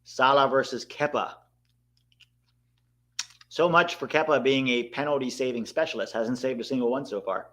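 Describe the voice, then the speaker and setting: A man hosting a live watchalong, reacting excitedly to the match and chatting to his viewers. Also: medium pitch, moderate pace, long pauses. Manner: excitable, bursts out at big moments, talks to chat. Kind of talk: live match commentary and chat.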